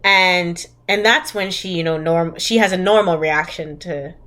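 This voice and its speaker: A woman's voice: on the low side, measured pace, bright, forceful tone. A young woman co-hosting a podcast, sarcastically recapping a movie in casual chat and acting out quotes. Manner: sarcastic recapping, acts out quotes, giggles often. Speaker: podcast co-host.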